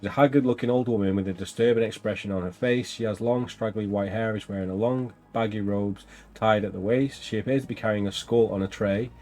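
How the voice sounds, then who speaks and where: A man's voice: on the low side, steady tone, fairly quick, darkish tone, soft background music. A man reading a fantasy gamebook aloud while playing along on a livestream, casual with chatty asides. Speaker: player and reader.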